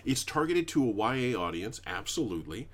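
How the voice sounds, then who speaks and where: A man's voice: medium pitch, sing-song, fairly quick, a bit bright. A man co-hosting a podcast, talking casually, emphatic and heavy on swearing. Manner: profane, emphatic, with frequent fillers. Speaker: podcast co-host. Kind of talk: casual chat.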